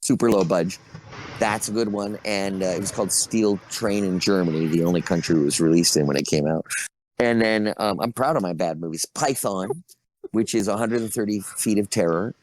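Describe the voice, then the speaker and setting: A man's voice: low-pitched, moderate pace, darkish tone, slight background noise. A middle-aged man telling long, rambling stories as a guest on a casual podcast. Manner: rambling storyteller, laughs between stories. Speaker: guest actor.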